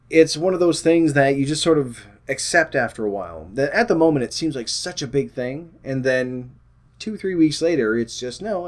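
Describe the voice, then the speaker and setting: A man talks to his camera in a loose, wandering way and often drifts off his point. His voice sits at an ordinary middle pitch, and he laughs at himself as he goes. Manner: rambling, self-deprecating, chatty. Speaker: weight loss vlogger. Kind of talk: casual chat to camera.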